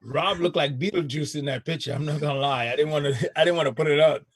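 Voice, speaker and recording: A man's voice: a little high, fast talker, slightly rough, no room sound. A man hosting a casual chat show, laid-back and slangy, laughing often. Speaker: show host.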